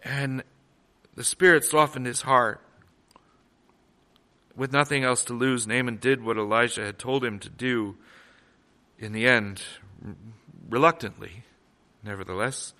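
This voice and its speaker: A man preaching a sermon, retelling stories in an animated, conversational way with frequent restarts. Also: mid-range voice, a little slow, long pauses. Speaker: pastor.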